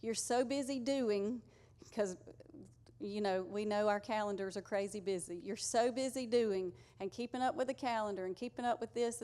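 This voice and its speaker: A woman's voice: medium pitch, normal speed, dark tone. A woman preaching a conversational, earnest sermon to her congregation. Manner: conversational, earnest, uses y'all.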